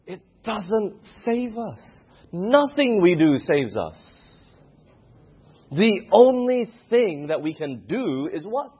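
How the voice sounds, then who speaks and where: A man's voice: sits high, big pitch swings, slow pace, breathy edge. A man preaching a sermon who keeps putting questions to the congregation. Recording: muffled lo-fi recording.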